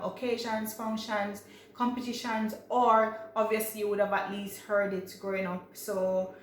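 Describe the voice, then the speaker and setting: A young adult woman from Jamaica with a Jamaican accent, chatting casually and reflectively to camera, with many fillers and restarts. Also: mid-range voice. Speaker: vlogger. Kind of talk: casual personal talk to camera. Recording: echoey room with faint ambient noise.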